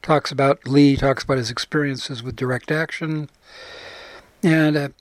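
An older man hosting a radio show, casually introducing old archived episodes with lots of pauses, fillers and restarts. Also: medium pitch, steady tone, no room sound. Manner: rambling, many fillers and restarts.

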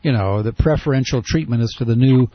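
A man's voice: mid-range voice, no echo. Male talk-radio host, wry questioner, slightly muffled dry recording. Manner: probing, wry, halting restarts. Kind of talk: call-in radio interview.

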